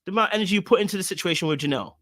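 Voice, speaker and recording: A man's voice: high voice, animated, very fast, a bit bright, no room sound, studio quality. A man giving casual reaction commentary, emphatic and blunt, repeating himself with plenty of slang.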